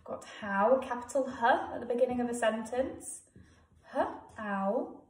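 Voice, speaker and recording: English teacher in an echoey room. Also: female voice, fairly high pitch, recorded from a distance. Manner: slow, sounds words out letter by letter. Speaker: primary school teacher. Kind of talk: home-learning writing lesson for young children.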